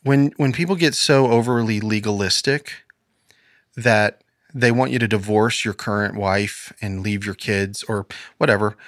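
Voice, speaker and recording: Speaking at a measured pace in a lowish voice, a man co-hosts a casual faith podcast from a studio. His talk is earnest, with scripture quoted in a preacherly manner, and the clean studio recording has no room sound.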